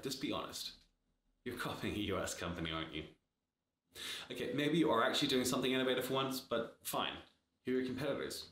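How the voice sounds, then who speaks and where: A man's voice: on the low side, fairly bright tone, roomy sound. A man giving blunt, sarcastic startup advice in a casual talk to camera, swearing freely. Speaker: startup advisor.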